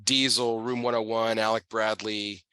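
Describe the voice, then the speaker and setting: A man's voice: lowish voice, level tone, moderate pace, pushed and bright, smooth, dry recording. A man hosting a casual talk show, chatting loosely with many fillers and restarts. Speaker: podcast host. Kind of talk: casual chat.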